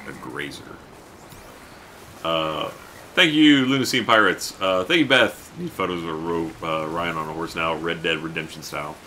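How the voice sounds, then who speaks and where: A man's voice: low voice, normal speed, bright, forceful tone, slight background noise. A man streaming a game, chatting casually and playfully while reading chat aloud. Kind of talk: casual live-stream commentary.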